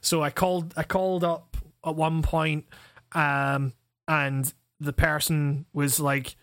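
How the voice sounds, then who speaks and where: A young man with a Scottish accent chats casually, his voice sitting a little high and sounding dry and close. He tells rambling, profane stories and laughs often. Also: moderate pace, no echo. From Scotland. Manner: profane, animated storytelling with frequent laughs. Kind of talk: casual chat.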